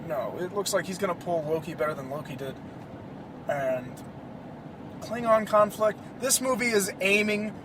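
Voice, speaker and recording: A man hosting a casual solo podcast, rambling in an excitable, profane way. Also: high-pitched, noisy background. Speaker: podcast host.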